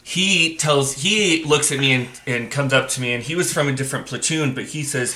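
A man's voice: mid-range voice, moderate pace, hardly any pauses, sharp tone, echoey room. A young man on a podcast, casually telling rambling, profane anecdotes and acting out the quotes. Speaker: podcast co-host. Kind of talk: casual storytelling chat.

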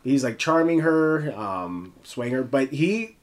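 A man co-hosts an easygoing TV recap conversation. His pitch sits in the ordinary middle range. He slips jokes and teasing questions in between his retellings of the scenes. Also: expressive, slow pace. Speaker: podcast co-host. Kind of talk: casual recap chat.

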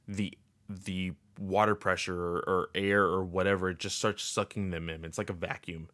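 A man's voice: sits low, fairly bright tone, smooth, no echo. A man casually recapping a game's story in a rambling way, with lots of filler words. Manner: rambling, filler-heavy with many uh and like.

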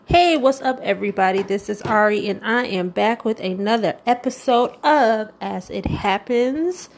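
A woman hosts her own weekly commentary show, talking in a loose, opinionated ramble. Her voice sits a little high for a woman. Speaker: podcast host. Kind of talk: casual commentary rant.

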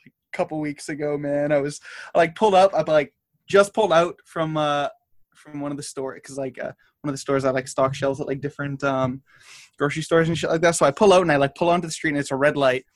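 A man chatting casually on a podcast, talking in halting starts and restarts. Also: a little high, fairly even intonation, no room sound. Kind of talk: casual chat.

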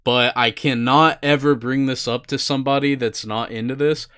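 A young man with a smooth, resonant voice, chatting loosely about shows he likes. He rambles, drops fillers and the occasional curse, and his pitch sits in an ordinary middle range. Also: fairly even intonation, moderate pace, fairly bright tone. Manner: laid-back, swears casually, rambling with fillers. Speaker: podcast co-host. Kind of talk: casual chat.

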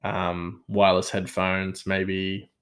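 A man's voice: low-pitched, completely flat delivery, slow pace, fairly bright tone. A young man chatting casually about video games, rambling and digressing with a self-deprecating streak. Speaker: gaming vlogger. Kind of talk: casual chat.

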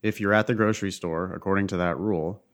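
A man's voice: deep voice, fairly even intonation, fast talker. Blunt, emphatic man explaining logic. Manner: emphatic, blunt, checks in with "right?". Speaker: co-host tutor. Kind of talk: casual teaching chat.

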